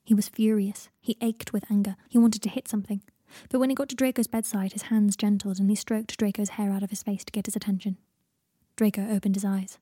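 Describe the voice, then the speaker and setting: A woman narrating a fan fiction audiobook in a hushed, intimate way, often near a whisper. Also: mid-range voice, flat delivery, fairly quick, husky, dry recording, studio quality.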